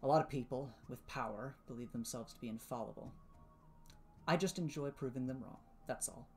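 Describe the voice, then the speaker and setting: A player voicing a cool, self-assured teenage superhero boy in a tabletop game, speaking in a measured, dry way. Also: medium pitch, faint music behind, close to an everyday voice. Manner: measured, dry and slightly aloof. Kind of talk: in-character tabletop role-play.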